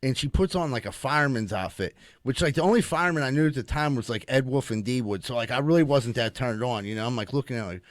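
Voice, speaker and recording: A man's voice: mid-range voice, fast, hardly any pauses, no echo, clean studio sound. A man co-hosting a podcast, telling a rambling story full of swearing and acted-out quotes. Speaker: podcast co-host. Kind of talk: casual storytelling.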